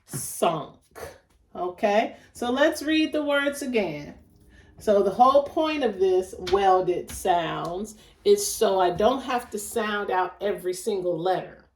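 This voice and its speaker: A woman teaches a phonics lesson, sounding out each chunk of a word with deliberate emphasis. She speaks very slowly, and her voice sits a little away from the microphone, with the echo of the room around it. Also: mid-range voice, animated, slight background noise. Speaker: reading teacher. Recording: echoey room, voice a bit far from the mic.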